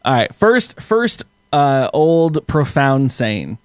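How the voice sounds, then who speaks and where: A man's voice: on the high side, very animated, slow, dry recording, clean studio sound. A man hosting a casual podcast quiz game, joking loosely and laughing often. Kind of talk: casual chat.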